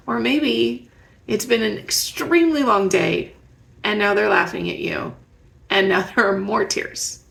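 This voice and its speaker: A woman with a strongly gravelly, creaky voice gives parenting advice straight to her viewers. She talks in a conversational way, often stopping to ask them reflective questions. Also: mid-range voice, unhurried. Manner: warm, conversational, asks the listener reflective questions. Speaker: parenting educator. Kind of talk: direct-to-camera advice talk.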